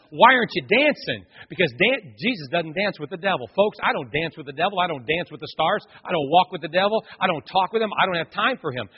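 A middle-aged pastor preaches with lively storytelling and speaks straight to the congregation. His voice is fairly high and husky. It carries a long sanctuary reverb through a dull, muffled recording. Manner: animated storytelling, addresses the congregation directly. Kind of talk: sermon. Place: church sanctuary.

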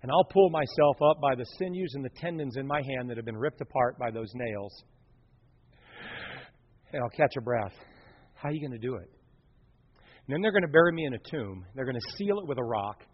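A man preaching a sermon in a dramatic way, swinging from hushed murmurs to loud exclamations. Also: medium pitch, expressive, a little fast, long pauses, breathy edge. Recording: reverberant hall, dull lo-fi sound.

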